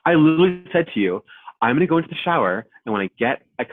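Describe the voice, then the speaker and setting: A man in his thirties, a podcast guest, chatting casually and telling stories with lively acted-out quotes. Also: fairly high pitch, racing, dry recording. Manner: animated storyteller, acts out quoted voices. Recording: tinny phone-like line, dry.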